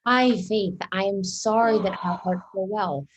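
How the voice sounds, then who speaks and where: A woman's voice: medium pitch, measured pace, noisy background, lightly acted. A woman reading an impatient young girl in love. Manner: impatient, pleading. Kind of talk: video-call table read of a play.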